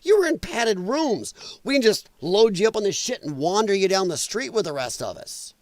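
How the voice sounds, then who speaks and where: Profane ranting man, high voice. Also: very animated, moderate pace, no room sound. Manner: profane, emphatic, exasperated. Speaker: podcast host. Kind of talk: heated political rant.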